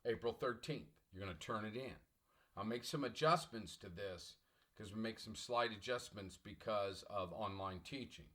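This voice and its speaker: An online class hears from a middle-aged college English professor whose fairly low, bright voice carries a forceful tone at normal speed. He lectures emphatically and motivationally, repeating himself and often clearing his throat.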